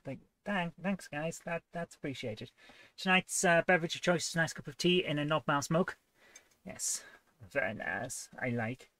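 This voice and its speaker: A woman's voice: deep voice, a bit bright, no room sound. A woman hosting a live game coding stream, chatty and playful, often joking at her own expense. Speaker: host.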